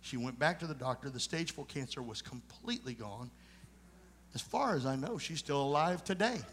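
A male pastor preaching a sermon and telling a personal testimony in an earnest storytelling way, emphatic in places and hushed in others. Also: medium pitch, lively intonation, normal speed, big-room sound, slight background noise.

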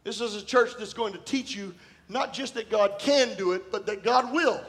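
A man with a notably high-pitched voice preaches to his congregation in a church. He tells stories from his own ministry in an easy, conversational way. Now and then he breaks into shouts and laughter. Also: normal speed. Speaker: pastor. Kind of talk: sermon with personal stories. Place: church sanctuary.

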